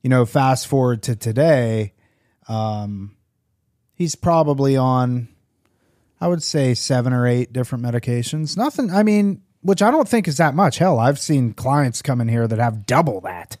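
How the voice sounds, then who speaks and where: A man's voice: mid-range voice, animated, normal speed, a little mellow, no echo, clean studio sound. A man co-hosting a recovery podcast, talking candidly in a rambling way with lots of fillers. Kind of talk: casual conversation.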